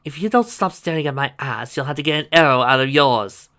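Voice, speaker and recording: A reader voicing a haughty, sharp-tongued female elf archer in a fantasy tavern story, scornful and threatening. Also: mid-range voice, expressive, fairly quick, lightly acted.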